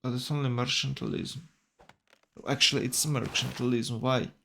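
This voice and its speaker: A man's voice: mid-range voice, fairly even intonation, moderate pace, creaky, pushed and bright. A man commentating a strategy game tournament, thinking aloud with hesitations and self-corrections.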